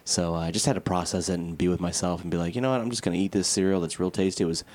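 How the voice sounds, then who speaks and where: A man's voice: low-pitched, steady tone, very fast, darkish tone. A young man from co-hosting a podcast, chatting casually, laughing often and poking fun at himself. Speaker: podcast co-host. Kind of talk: casual chat.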